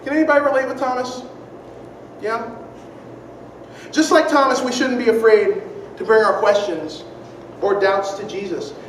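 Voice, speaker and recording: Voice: mid-range voice, steady tone, moderate pace, long pauses. A preacher delivering a sermon earnestly, repeating key phrases and asking the audience rhetorical questions. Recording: very echoey room, distant mic, faint noise.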